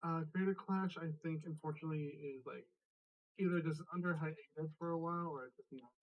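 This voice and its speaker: A laid-back man joining a casual podcast chat with short asides. His voice sits a touch higher than most men's, easygoing and conversational. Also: a little fast, phone-quality sound.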